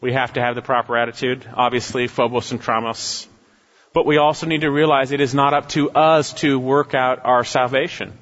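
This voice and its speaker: A male pastor preaching a sermon with emphasis, swinging between raised exhortation and low, quiet asides. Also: fairly even intonation, fairly quick. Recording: dull lo-fi sound with long hall reverb.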